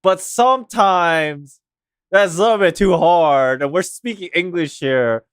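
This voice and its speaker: A man's voice: sits high, unhurried, clean tone, no room sound, clean studio sound. A man, a game streamer rambling animatedly in casual chat, laughing often. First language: Korean.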